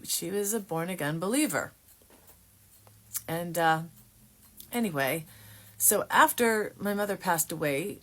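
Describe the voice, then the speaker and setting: Low-voiced woman telling a testimony. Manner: halting, with many fillers and restarts. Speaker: Christian testimony vlogger. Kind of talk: personal testimony.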